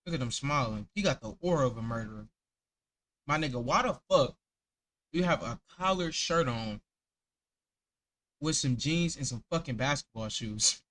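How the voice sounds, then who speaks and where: A man's voice: medium pitch, animated, normal speed, pauses often, a bit bright. A young man hosting a reaction video, talking back at the screen in profane, exasperated commentary. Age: young adult.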